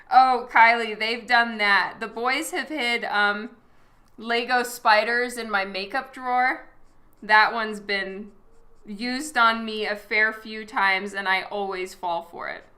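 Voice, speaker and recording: A woman's voice: on the high side, steady tone, slow pace, bright, forceful tone, echoey room. A woman chatting casually with her live-stream audience while she works, laughing often and reacting to messages. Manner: giggly, reacts to chat with frequent laughter. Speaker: livestreaming artist.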